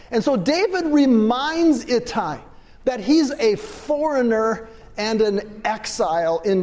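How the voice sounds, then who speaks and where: A man with a notably high voice preaches a sermon, his words ringing out in a hall with a long echo. He moves between forceful, raised lines and dropped, hushed asides. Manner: swings between loud emphatic bursts and low quiet asides. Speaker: pastor.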